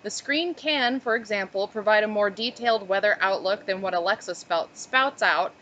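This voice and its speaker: A woman's voice: mid-range voice, moderate pace, fairly bright tone, highs cut off. Woman host reading an article aloud. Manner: reads aloud with offhand asides. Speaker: podcast co-host.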